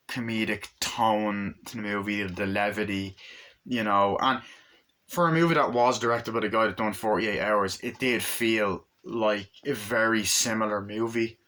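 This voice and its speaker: A man casually reviewing an action movie, rambling with excitement and swearing a lot. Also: on the low side, measured pace, a little hiss or hum. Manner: excited, profane, rambling, acts out scenes.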